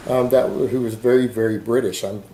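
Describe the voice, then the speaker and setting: A man's voice: medium pitch, fairly quick. A Texan man rambling bluntly and defiantly in a casual vlog monologue while he works at a hobby. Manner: blunt, defiant, talks while hand-loading ammo. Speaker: vlogger. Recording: steady background noise.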